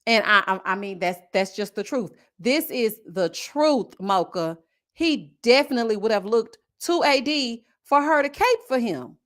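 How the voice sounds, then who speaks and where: Sassy, animated Southern woman streamer. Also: a little high, a little slow. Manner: animated, sassy, drawling asides to viewers. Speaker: reality TV review host. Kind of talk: casual live-stream commentary reading chat comments. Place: home setup with a desk mic.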